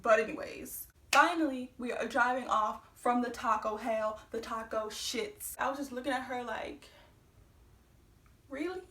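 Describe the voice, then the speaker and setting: Animated young woman vlogger, roomy far sound. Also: a little high, moderate pace, few pauses. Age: young adult. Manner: animated, profane storytelling with acted quotes. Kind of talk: storytime vlog.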